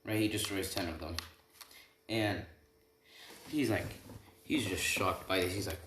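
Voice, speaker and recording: A very deep-voiced man rambles through an invented fan story, forever relaying what each character is like and checking in with "right?". His voice rings in an echoey room, and clear keyboard typing and clicks go on behind him. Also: measured pace, pauses often, a bit bright, a little hiss or hum. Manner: rambling, retells dialogue with lots of "he's like" and "right?". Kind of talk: casual fan-fiction storytelling.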